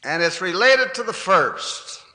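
Older male church speaker, earnest sermon with wry asides, unhurried delivery, echoey hall. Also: high voice, very animated, pushed and bright.

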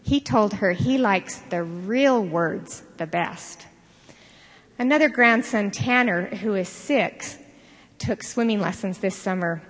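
An older woman giving a sermon, telling stories in an earnest, measured way. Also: mid-range voice. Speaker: devotional speaker. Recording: long reverb of a large hall.

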